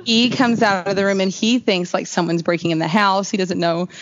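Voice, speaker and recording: A woman's voice: medium pitch, steady tone, brisk. A woman telling a long personal story as an interview guest, in a rambling, chatty way full of "like". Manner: chatty, rambling, heavy use of "like". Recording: slightly dull lo-fi recording.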